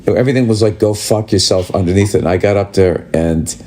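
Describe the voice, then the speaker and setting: A man's voice: on the low side, fast talker, mellow. A male comedian telling an exasperated, profanity-filled story about bad service in a podcast rant.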